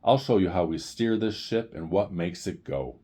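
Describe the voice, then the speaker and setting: A man reading aloud as a gruff old ship captain in a storybook. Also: low-pitched, lively intonation, moderate pace, dark tone. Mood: kindly.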